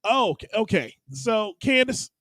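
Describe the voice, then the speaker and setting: A man's voice: high-pitched, expressive, normal speed, fairly bright tone, no room sound, rough recording. A man co-hosting a comedy podcast in casual banter, laughing often and restarting his words. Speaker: podcast co-host.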